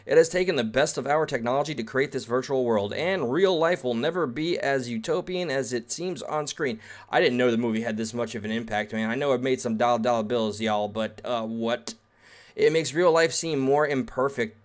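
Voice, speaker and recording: Male streamer, mid-pitched voice, reads aloud then riffs sarcastically, casual and rambling. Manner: sarcastic, rambling asides while reading aloud. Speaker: streamer reading and reacting to an article. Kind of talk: casual reaction rant.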